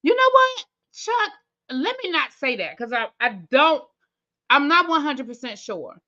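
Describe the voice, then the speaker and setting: Chatty woman reviewer, bright lo-fi voice. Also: high-pitched, sing-song, unhurried. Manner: chatty, thinks aloud, talks to viewers. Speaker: TV review host. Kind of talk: casual recap chat.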